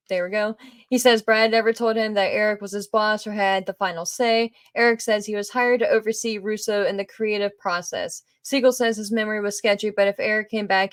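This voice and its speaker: A woman's voice: mid-range voice, no room sound. Chatty woman podcaster, dry close sound. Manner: conversational, sarcastic asides, frequent fillers and swearing. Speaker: podcast host. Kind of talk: casual podcast review.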